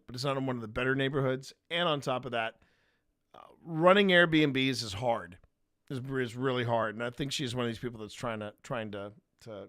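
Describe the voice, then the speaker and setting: A man's voice: mid-range voice, fairly bright tone. A man hosting a paranormal footage review, chatting casually and rambling with many restarts. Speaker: paranormal investigator host.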